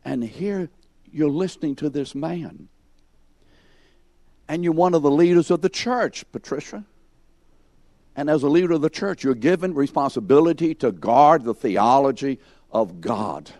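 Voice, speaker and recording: A man's voice: a little high, expressive, a little slow, pauses often, a little mellow, dry recording. A man teaching a Bible lesson to a class, questioning students by name and acting out the scene with emphasis. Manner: emphatic, acts out scenes in second person.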